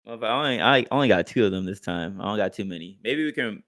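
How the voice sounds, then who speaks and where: A young man hosting a segment on a casual podcast, profane and laughing often, breaking into loud acted quotes. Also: fairly low pitch, animated, quick pace, no room sound, studio quality. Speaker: podcast co-host. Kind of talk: casual chat.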